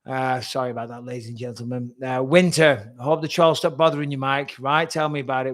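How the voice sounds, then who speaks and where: Answering viewers' questions in a casual live Q&A, a commentator in his forties who used to fight responds fast and bluntly, swearing often. He speaks in a mid-range, a bit bright voice with fairly even intonation.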